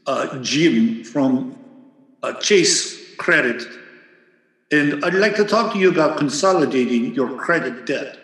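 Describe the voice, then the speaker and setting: A pushy male phone scammer , as a man puts him on, stumbles hesitantly through a credit pitch. His halting voice sits in a roomy space with a long reverb tail. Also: expressive, a bit bright, heavily acted.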